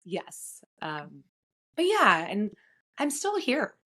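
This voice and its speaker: A woman guest on a podcast who speaks earnestly and reflectively, often pausing with "um" as she gathers her thoughts. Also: mid-range voice, huge pitch swings, bright, forceful tone. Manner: earnest, reflective, pauses with frequent "um". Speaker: guest, insurance agency owner. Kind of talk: casual podcast conversation.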